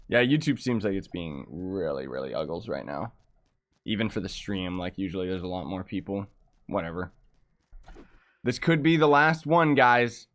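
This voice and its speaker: A man's voice: deep voice, a bit bright. Ranting male game streamer. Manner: frustrated ranting with quick exclamations. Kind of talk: casual live-stream chat while gaming.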